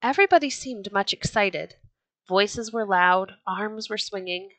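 A woman reading a storybook aloud with gentle, expressive narration. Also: medium pitch, unhurried, no echo.

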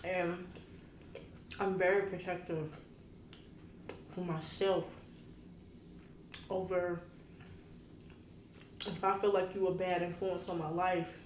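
A woman's voice: fairly low pitch, flat delivery, takes it slowly, pauses often, slight background noise. Woman in her twenties, food vlogger, candid slangy chat, echoey room, faint ambience. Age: 20s. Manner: candid, slangy, talks straight to viewers. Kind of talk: casual chat to camera while eating. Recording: roomy home recording with faint ambience.

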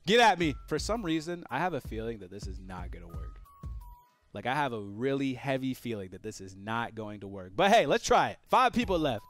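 A man commentating his own gameplay as a gaming YouTuber, excitable and full of joking trash talk. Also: fairly high pitch.

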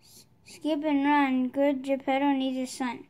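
A woman reading as a gentle blue fairy. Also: sits high, level tone, a little slow.

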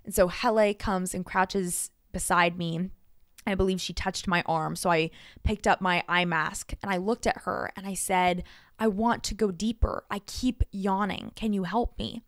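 A woman hosting her own podcast, telling a personal story in an earnest, expressive way, her loudness shifting often. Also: medium pitch, a little slow, no echo, studio quality. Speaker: podcast host.

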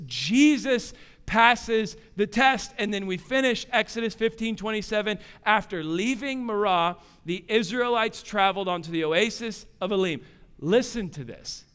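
Man preaching a sermon, high voice, smooth and resonant, impassioned, rhetorical questions, soft dips and loud surges. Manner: swings between soft low asides and loud emphatic rises. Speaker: pastor.

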